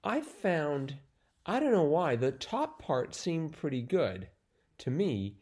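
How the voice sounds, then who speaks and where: A man's voice: a little high, big pitch swings, takes it slowly, darkish tone, husky. A man in casual chat about a crossword, rambling and restarting his sentences with lots of fillers, sounding sleepy. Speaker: crossword podcast co-host.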